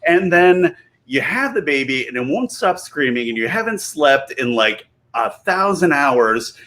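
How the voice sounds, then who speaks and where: A man's voice: on the high side, sing-song, a little slow, fairly bright tone. A man in his thirties, a comedian guest, telling a story while a bit tipsy, rambling, cutting himself off and laughing mid-sentence.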